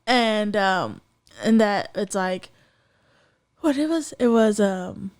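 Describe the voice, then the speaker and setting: A woman's voice: mid-range voice, slow, clear, resonant tone. A woman co-hosting a casual podcast chat, telling a story animatedly with lots of fillers and acted-out quotes. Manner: animated storytelling, acts out voices, many fillers. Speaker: podcast co-host.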